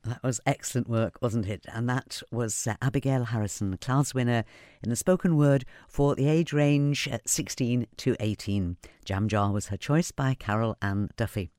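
A man presenting festival highlights in a relaxed, chatty way, pausing on fillers between items. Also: dry recording, clean studio sound. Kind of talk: casual presenting.

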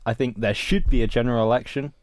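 A man's voice: medium pitch, steady tone, quick pace, darkish tone, no echo, clean studio sound. A man as a guest on a casual political chat show, talking hesitantly with many fillers.

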